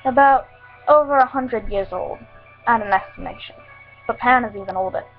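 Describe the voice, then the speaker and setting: Sly old pawnbroker, woman reading him, says dearie, fairly high voice, muffled recording, faint music. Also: moderate pace, natural voice. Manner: calls people dearie.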